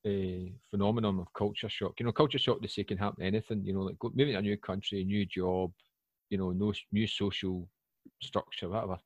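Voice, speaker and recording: A British man in his forties, chatting casually and telling rambling, animated stories with lots of fillers. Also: lowish voice, quick pace, no echo, muffled recording. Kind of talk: casual chat. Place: lives in Poland.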